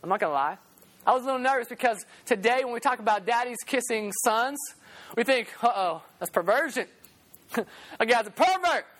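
Loud, animated young male preacher. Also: very high-pitched, moderate pace. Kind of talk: sermon.

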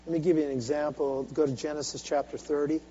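Guy preaching, kinda high voice, goes from hushed to hollering, call and response, muffled lo-fi sound. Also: fairly even intonation, quick pace. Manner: swings from soft, intimate asides to loud, driving exhortation. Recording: dull lo-fi recording with faint hum.

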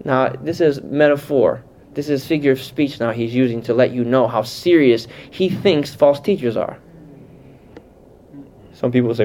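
A man teaching a Bible class in an animated, conversational way, often putting questions to his listeners. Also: medium pitch, normal speed. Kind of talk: teaching sermon. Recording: muffled lo-fi sound.

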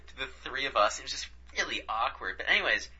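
A man casually telling a story as a podcast co-host, animated and profane. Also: mid-range voice, fast talker, breathy edge. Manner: animated, profane, acts out quotes. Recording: dull lo-fi recording.

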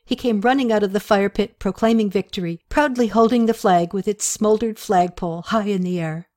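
A woman narrates an audiobook chapter at a medium pitch. She tells the story in a steady, expressive way. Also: a little fast.

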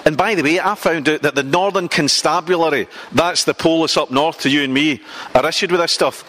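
Brief: Scottish comic host, slightly high voice, joshing strangers on location by a loch. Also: male voice, pushed and bright. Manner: chatty, teasing, quick asides. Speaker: comedy street-interview host. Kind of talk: joking street interview. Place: outdoors by a loch.

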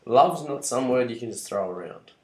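A man's voice: medium pitch, lively intonation, moderate pace. A man co-hosting a podcast, teasing and joking in casual chat. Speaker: podcast co-host. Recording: echoey room.

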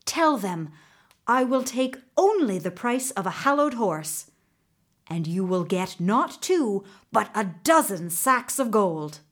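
Brief: woman doing a commanding storybook horse, whispery and slow. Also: mid-range voice, big pitch swings, a bit bright, heavily acted. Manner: whispering, bossy. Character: scheming male magic horse, commanding.

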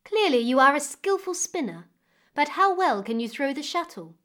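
A woman's voice: high-pitched, very animated, fairly bright tone, pitched above the performer's own voice. A woman voicing a grand, demanding queen who gives orders in a commanding way. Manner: commanding, brisk.

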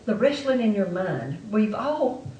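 A woman's voice: mid-range voice, big pitch swings, a little slow, warm tone, a little hiss or hum. A woman preaching a testimony sermon to her church with an emphatic, repetitive delivery. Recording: echoey room, mic far off.

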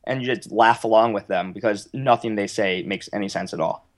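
A man's voice: fairly low pitch, brisk. A young American man with a Philadelphia accent, a podcast guest rambling in casual chat and poking fun at himself. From United States. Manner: self-deprecating, rambling.

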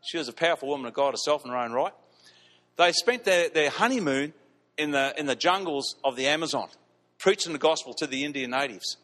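A man preaching a storytelling sermon in a church, animated and repeating lines for emphasis. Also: on the high side, brisk. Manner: animated, repeats lines for emphasis, laughs at his own stories. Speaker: pastor. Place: church hall. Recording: long reverb of a church hall.

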